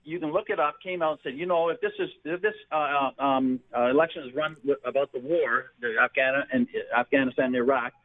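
A man's voice: medium pitch, fast talker, hardly any pauses. A man from Canada calling in to a radio show, rambling and hesitant as he makes his points. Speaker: caller. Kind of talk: call-in phone conversation. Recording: tinny phone line.

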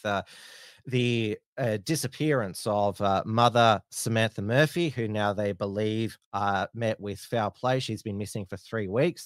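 A man hosting a casual live-stream news show, talking in halting bursts with many "uh" fillers and restarts. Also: fairly low pitch, no echo, studio quality. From Australia.

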